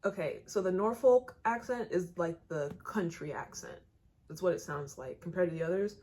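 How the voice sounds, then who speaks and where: Chatty American woman reacting, low voice. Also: moderate pace, darkish tone, faint music behind. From United States. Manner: blunt, chatty, talks in run-on asides. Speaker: reaction channel host. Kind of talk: casual reaction commentary.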